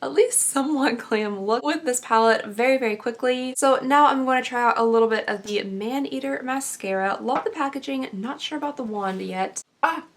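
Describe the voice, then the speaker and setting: A young woman chatting casually through a makeup tutorial, rambling and self-deprecating, her voice a little tired and croaky. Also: high voice, moderate pace, few pauses. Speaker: beauty vlogger.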